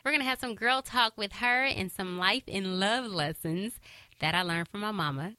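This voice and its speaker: Her mid-range voice moves at a normal speed as this podcast host cheers her audience on. The talk is informal and sincere, warm and encouraging, with emphatic repetition, and there's no room sound.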